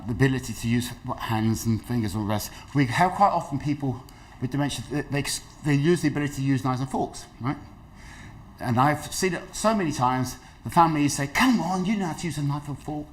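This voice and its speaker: A middle-aged man giving a dementia awareness talk, telling stories and acting out the people in them. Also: mid-range voice. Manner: lively storytelling, acts out quoted voices. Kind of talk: health talk to an audience.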